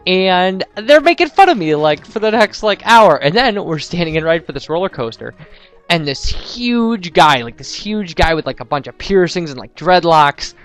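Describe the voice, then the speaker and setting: A man's voice: sits high, very animated, moderate pace, a bit bright, soft background music. A young man from the United States casually commentating gameplay and rambling through personal stories. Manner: rambling, chatty storyteller. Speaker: let's play commentator.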